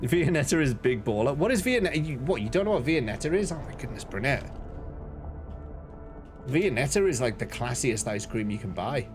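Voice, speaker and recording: A man's voice: mid-range voice, big pitch swings, fairly quick, over music. Chatty man streaming. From northern England. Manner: chatty, laughs often, reads chat aloud. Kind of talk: casual live-stream chat.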